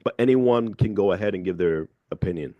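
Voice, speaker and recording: A radio host with a very low voice, speaking in a dry, close studio sound. He talks in a measured, thoughtful way and slows down to stress his points. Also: no echo, dull audio. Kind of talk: casual radio chat. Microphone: studio microphone.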